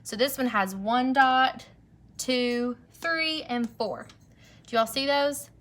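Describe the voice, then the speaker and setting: A young woman teacher leading an early-grade phonics lesson, stretching out words slowly and praising the children. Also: high-pitched, a bit bright. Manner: slow, drawn-out word modeling, encouraging.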